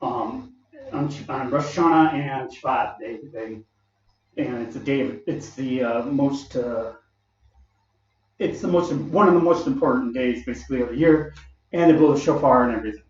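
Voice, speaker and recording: A man's voice: mid-range voice, normal speed. A man telling rambling stories from his old jobs in a casual vlog, laughing often and acting out what people said to him. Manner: laughs often while talking, acts out quoted people. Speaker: vlogger telling work stories. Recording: echoey, dull, from far off the mic.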